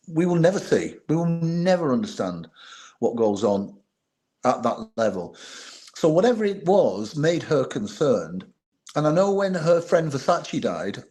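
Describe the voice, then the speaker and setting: Earnest man in his fifties. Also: mid-range voice. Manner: quiet, earnest, thinks aloud. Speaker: former royal bodyguard, podcast guest. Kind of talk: reflective interview storytelling.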